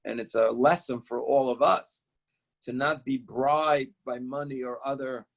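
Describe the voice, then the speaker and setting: A man's voice: mid-range voice, steady tone, measured pace, vocal fry, poor audio. A male rabbi teaching a Torah lesson, retelling a story in an explanatory, storytelling way.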